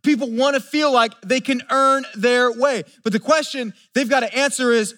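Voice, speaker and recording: A man's voice: very high-pitched, moderate pace, a bit bright. A pastor preaching a sermon. He talks earnestly, keeps asking rhetorical questions and stumbles over repeated words as he builds each point. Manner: asks the listeners rhetorical questions.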